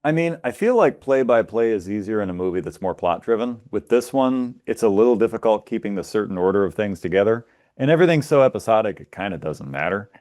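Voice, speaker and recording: A laid-back man co-hosting a casual movie podcast who laughs easily. His voice sits fairly low but moves up and down a lot as he talks. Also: lively intonation, fast, hardly any pauses, darkish tone. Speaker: podcast co-host.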